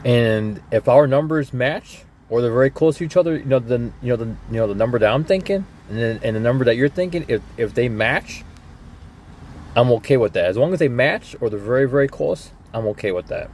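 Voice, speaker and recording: A man's voice: medium pitch, lively intonation, fairly quick, darkish tone, a little hiss or hum. A young man talking casually on a live stream from his van, rambling and repeating himself with many "you know"s. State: coughing lately. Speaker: vlogger.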